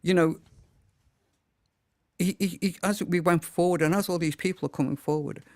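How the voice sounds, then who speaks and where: Man, Liverpool accent, middle-aged, pastor, storytelling, fairly high voice, dry sound. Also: steady tone, moderate pace, a little mellow, no echo. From Liverpool, England. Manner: vivid storyteller, acts out quotes. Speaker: pastor, guest. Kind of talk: storytelling in casual chat.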